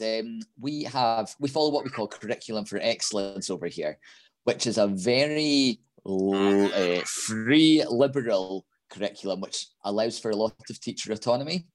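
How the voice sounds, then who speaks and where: A Scottish man, a primary school teacher, talking as a guest in a podcast interview, friendly and quick to laugh, with many ums as he explains. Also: medium pitch, lively intonation. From Scotland.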